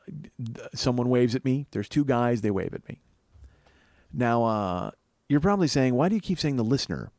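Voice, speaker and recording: Guy in his 40s rambling through a funny story, swears a lot, gets loud and high when he panics, dry close mic. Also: no room sound. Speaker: comedian podcast host. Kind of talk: comedic storytelling monologue.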